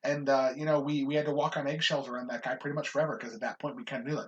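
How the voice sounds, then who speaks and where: A man co-hosting a podcast, telling a workplace story in an animated, casual way with plenty of swearing. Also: medium pitch, racing, few pauses, slight background noise. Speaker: podcast co-host.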